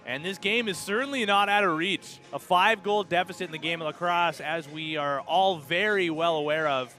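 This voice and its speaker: A man with a Canadian accent calling live lacrosse play-by-play, brisk and steady, rising sharply on goals and saves. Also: a little high, soft background music. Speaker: play-by-play commentator.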